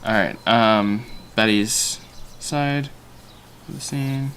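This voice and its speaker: A man's voice: fairly low pitch, takes it slowly, fairly bright tone, slight background noise. A young man hosting a casual livestream while storyboarding, thinking aloud with self-mocking asides and many fillers. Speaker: animator and livestream host.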